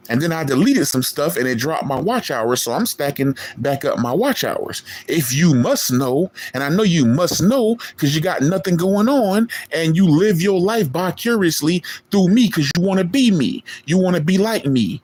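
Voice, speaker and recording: A man, streaming a boastful, profane callout rant at a rival in street slang. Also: a little high. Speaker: online streamer.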